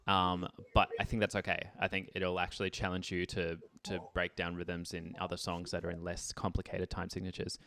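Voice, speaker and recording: Low gravelly man teaching music theory. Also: completely flat delivery, a little fast, few pauses, pushed and bright, no room sound. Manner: chatty, demonstrates by speaking and tapping rhythms. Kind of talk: online group lesson.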